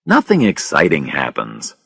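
A man's voice: very deep voice, wildly swooping pitch, unhurried, fairly bright tone, husky, dry recording, clean studio sound, voice pushed down, heavily acted. A man reading a storybook, voicing a carefree young man swimmer in a light, easygoing tone.

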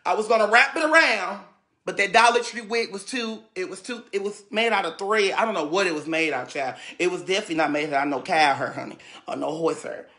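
Bright-voiced man in a dramatic rant. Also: high voice, a little fast. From St. Louis, USA. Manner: dramatic, sassy, repetitive, stammering. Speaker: livestreamer. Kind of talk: ranting livestream. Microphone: phone.

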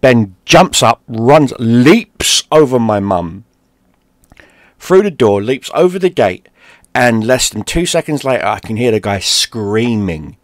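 A man from London, a gaming streamer, telling a personal story in a lively, profane way. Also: mid-range voice, takes it slowly, no echo, clean studio sound. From London, England. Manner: animated, profane, acts out shouted quotes.

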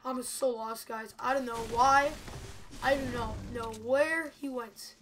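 Young female gamer, bright higher voice, nervous running commentary to her viewers. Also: fairly even intonation, unhurried, slight background noise. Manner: anxious, chatty, addresses viewers as guys. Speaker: gameplay video creator. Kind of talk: live gameplay commentary.

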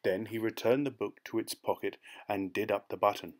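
Low-voiced male audiobook narrator. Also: steady tone, moderate pace, darkish tone. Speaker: audiobook reader. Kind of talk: scripted narration.

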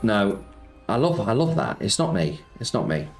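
Hosting a casual slots stream, a man with a fairly low voice speaks at a moderate pace with big pitch swings. He's chatty, reads chat aloud, answers viewers, and uses "mate" a lot. Music sits behind a roomy echo.

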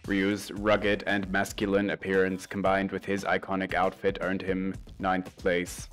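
A monotone robot AI announcer, voiced by a man with no feeling at all. The voice sits low and hushed and reads a countdown slowly and evenly. It stays deadpan throughout. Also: faint music behind. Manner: slow, monotone, announcing a ranking. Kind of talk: mock robot voice reading a countdown.

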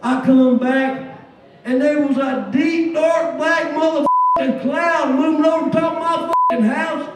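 Guy telling a cussing rambling story onstage, really high voice, big echo, sounds far from the mic. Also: steady tone, a little slow, a crowd in the background. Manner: profane, rambling, shouts punchlines. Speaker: stand-up comedian. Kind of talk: stand-up storytelling. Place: stage before a large crowd. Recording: echoey live venue, distant mic, noisy.

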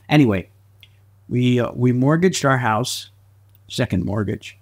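A man's voice: medium pitch, moderate pace. A man telling anecdotes as a guest in a casual interview, laughing often and slipping into voices. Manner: lively anecdotal storyteller who slips into voices and laughs often. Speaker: guest actor and filmmaker.

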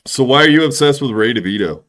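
A man's voice: mid-range voice, expressive, quick pace, fairly bright tone. A man calling into a stream, angrily confronting another caller. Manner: confrontational, accusing. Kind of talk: heated call-in argument.

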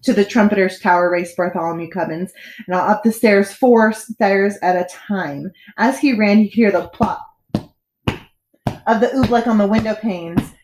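A woman teacher reading a children's storybook aloud with expressive, animated storytelling. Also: mid-range voice, moderate pace, echoey room.

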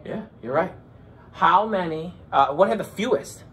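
A male teacher running a playful lesson for children, cracking pirate jokes and slipping into a gruff pirate voice. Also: sits high, lively intonation, moderate pace, fairly bright tone, slight background noise. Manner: hammy, joking, slips into a gruff pirate voice.

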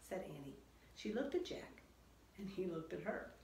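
A woman reading a children's storybook aloud in a slow, expressive storytelling manner. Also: lowish voice, gravelly, a little hiss or hum. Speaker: children's book reader. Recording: roomy echo.

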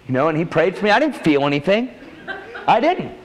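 A man delivers a revival sermon as a personal testimony. His voice rides high and leaps up and down, emphatic and animated as he acts out the people in his story. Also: brisk, low-quality recording. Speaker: preacher. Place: church revival meeting.

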